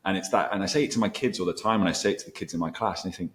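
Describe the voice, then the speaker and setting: A middle-aged male teacher interviewing a guest at a conference, telling animated stories with quoted dialogue. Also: low voice, racing, few pauses.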